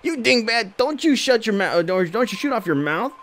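A man's voice: sits high, big pitch swings, moderate pace, a bit bright, voice pushed up, exaggerated voice. A man doing a blustering thug voice. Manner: blustering, taunting. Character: brash male thug kidnapper, a bully.

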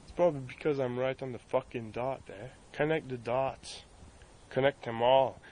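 A man's voice: medium pitch, fairly even intonation, moderate pace, darkish tone, low-quality recording. Furious swearing French Canadian man. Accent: Acadian French Canadian. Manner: furious, swearing constantly, repeating himself. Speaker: vlogger. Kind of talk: angry profane rant. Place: outdoors near his home, filming the sky. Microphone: cell phone camera.

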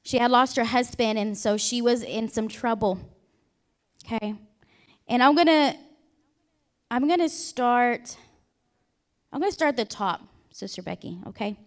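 A woman's voice: fairly high pitch, measured pace, pauses often. A woman pastor preaching a Sunday sermon in a chatty way, asking the congregation questions and joking aside. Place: church sanctuary.

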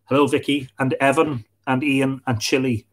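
A man's voice: mid-range voice, fairly even intonation, moderate pace. A man with an Irish accent hosting a live online show, chatting casually and greeting viewers by name as he reads out their comments. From Ireland. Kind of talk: casual live-stream chat, reading out comments.

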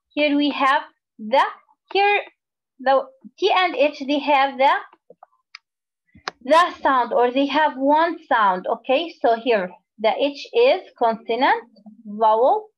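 A woman teaching a phonics lesson to young children, explaining slowly and repeating words. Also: high-pitched, muffled recording. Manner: slow, drawn-out teacherly explaining with repetition.

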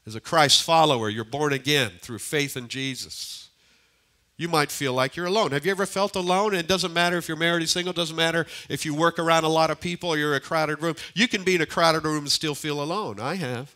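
An older male pastor preaching in a church, his voice bright and a little high. He moves between forceful emphasis and quiet near-whispers, and repeats key lines. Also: a little fast. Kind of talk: sermon. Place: church sanctuary.

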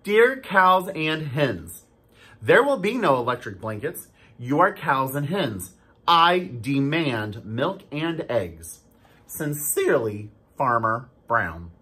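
A storybook reader voicing an exasperated grown male farmer who shouts in outrage. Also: medium pitch, very animated, slow pace, breathy edge, full character voice. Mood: stern.

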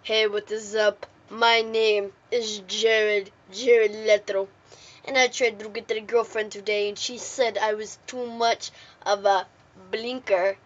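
A woman's voice: medium pitch, little pitch movement, slow pace, muffled recording, pitched below the performer's own voice, close to an everyday voice. A woman voicing a goofy male vampire who boasts that he is amazing.

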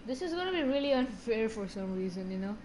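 A woman's voice: a little high, sing-song, fast talker, very noisy. A woman chatting and complaining while playing an online game with a friend. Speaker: co-player. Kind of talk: casual gaming chat.

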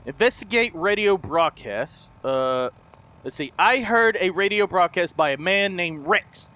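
A young gaming YouTuber commentates with loud, goofy mock-heroic bravado. His voice sits unusually high and sounds bright and sharp, and he swings between shouted boasts and muttered asides. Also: lively intonation, measured pace. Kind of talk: comedic gameplay commentary.

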